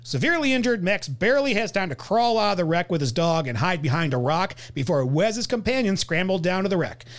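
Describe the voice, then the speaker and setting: A man's voice: high-pitched, a little fast, few pauses. A man hosting a podcast, recapping a film plot and joking with his co-host. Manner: animated, laughs often, reads recap. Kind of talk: casual chat and plot recap.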